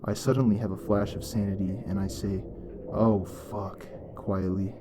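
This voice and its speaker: Low, flat-voiced male narrator. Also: brisk, background noise. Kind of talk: scripted narration.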